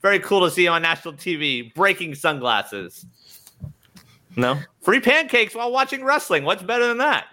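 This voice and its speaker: A man's voice: high voice, very animated, normal speed, bright, forceful tone. A man co-hosting a wrestling podcast, chatting casually and enthusiastically, with lots of "like". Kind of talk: casual chat.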